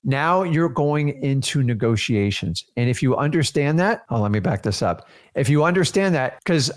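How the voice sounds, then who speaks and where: A man's voice: mid-range voice, expressive, moderate pace. A man teaching a seminar as a real estate coach, talking energetically to his students and firing off rhetorical questions.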